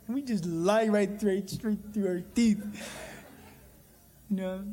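A man with a fairly high voice, preaching a sermon. He tells stories in an earnest way and draws out the phrases he wants to stress. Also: warm tone. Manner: earnest, storytelling preacher with emphatic slowed phrases. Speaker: pastor.

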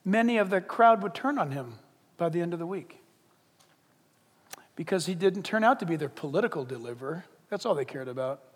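A man preaching a sermon from a church pulpit, dramatic, dropping from loud bursts to hushed words. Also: a little high, lively intonation, fairly quick. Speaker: pastor. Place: church sanctuary. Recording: long reverb of a large hall.

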